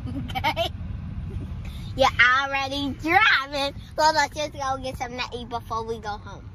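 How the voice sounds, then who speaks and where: A woman's voice: high voice, normal speed. A young woman vlogging from inside a car, talking in a playful, drawling slangy way as she teases her mom. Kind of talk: casual vlog chat with a put-on slangy voice. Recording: road noise in a car.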